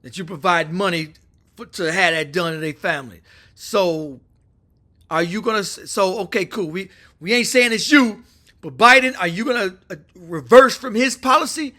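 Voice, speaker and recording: A man talks through a casual opinion monologue, loose and animated. His voice sits high for a man and has a bright, forceful edge. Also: moderate pace. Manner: animated, acts out quoted phone calls. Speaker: political commentator.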